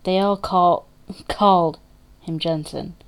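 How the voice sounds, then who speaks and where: Woman reading as a soft-spoken grieving sister. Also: fairly low pitch, fairly even intonation, slow pace, clean tone. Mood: hesitant. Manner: soft, hesitant, apologetic.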